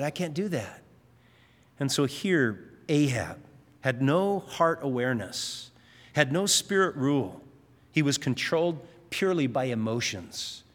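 A man preaching a sermon, telling Bible stories and briefly acting out the characters' lines as he goes. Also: long reverb tail. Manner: storytelling, acts out quoted lines with rising pitch.

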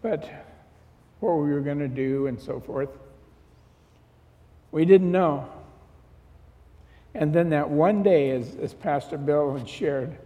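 A middle-aged man gives sermon testimony in a fairly high voice, telling a personal story in an easy, conversational way. He acts out the back-and-forth dialogue as he goes. The sound rings with a long reverb, as if recorded in a church hall. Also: slow pace, long pauses, mellow. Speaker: pastor.

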